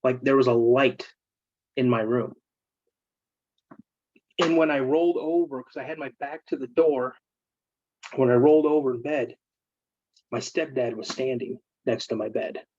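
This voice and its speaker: A man, a military veteran guest, telling personal stories in a casual interview, earnest and emotional with halting fillers. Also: mid-range voice, a little mellow, no echo. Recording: dull, dry remote call audio.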